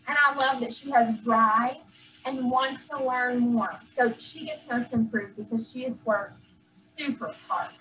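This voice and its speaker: A woman teacher handing out awards to her first-grade class, speaking with warmth and sometimes getting teary. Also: fairly high pitch, moderate pace. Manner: affectionate, gets teary. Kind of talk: award ceremony speech to a class. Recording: distant camera, faint room noise.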